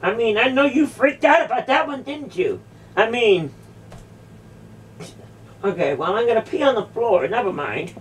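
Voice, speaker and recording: A woman's voice: a little high, expressive, normal speed, pauses often, slight background noise. A woman in a heated confrontation in a church, incredulous and repeating her questions again and again. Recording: voice distant from the mic.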